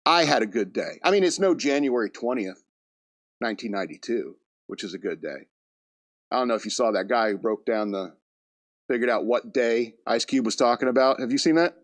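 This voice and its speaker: A man's voice: mid-range voice, animated, fairly quick, dry recording. A man hosting a podcast, telling a rambling casual story from his day and laughing at his own jokes. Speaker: podcast host. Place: studio.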